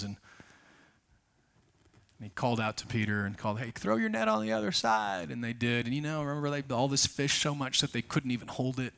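A man preaching a sermon as pastor at a church service, telling stories emphatically and swinging between loud and soft. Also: mid-range voice.

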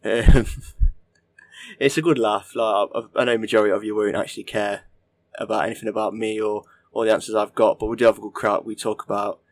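A man's voice: lowish voice, fairly quick, dry recording. Laid-back man hosting a podcast. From Derby, England. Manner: relaxed, chatty, self-deprecating. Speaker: podcast host. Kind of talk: casual podcast intro.

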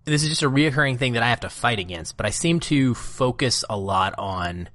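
A man's voice: mid-range voice, animated, fairly quick, a bit bright, no echo. A man co-hosting a film podcast, talking through his reactions in a casual, reflective way. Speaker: podcast co-host.

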